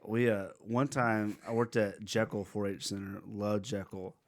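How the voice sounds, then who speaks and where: A young man, a goofy and animated podcast host telling stories in casual chat. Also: lowish voice, a little slow, dry recording, clean studio sound.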